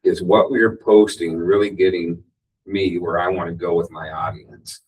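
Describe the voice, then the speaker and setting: Panelist, male, very low husky voice, off-mic distance, casual and conversational. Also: moderate pace. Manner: conversational, animated when quoting.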